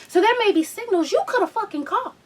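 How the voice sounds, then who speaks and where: Woman host, high voice, very lively pitch, blunt and profane, loud bursts then hushed asides, slightly distant mic. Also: fast. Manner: animated, swinging between loud outbursts and hushed asides. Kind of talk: candid casual chat.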